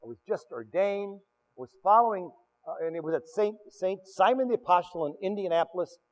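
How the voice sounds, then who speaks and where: Preaching a sermon in a large church, an older male pastor speaks a little fast in a high-pitched voice. His animated stories are full of restarts and repeated words, and the lo-fi audio sounds dull and echoey.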